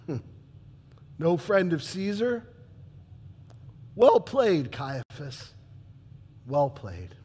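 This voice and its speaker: A man playing Pilate, a husky troubled governor. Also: on the high side, sing-song, measured pace, long pauses, in a large hall, heavily acted. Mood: brooding. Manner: emphatic, swinging between loud declarations and hushed asides. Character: troubled Roman governor Pilate, proud and defensive. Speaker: character monologue performer. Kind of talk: dramatic church monologue.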